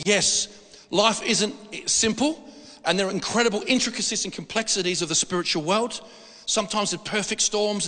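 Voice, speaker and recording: A man preaching a sermon, animated and emphatic, repeating words for stress. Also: sits high. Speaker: pastor. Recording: hall reverb.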